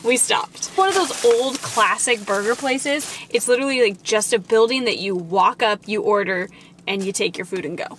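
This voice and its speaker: A woman's voice: a little high, moderate pace, a bit bright. A woman co-hosting a casual vlog, bubbly and giggly, talking to a handheld camera. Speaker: vlog co-host. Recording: outdoor camera audio with street noise.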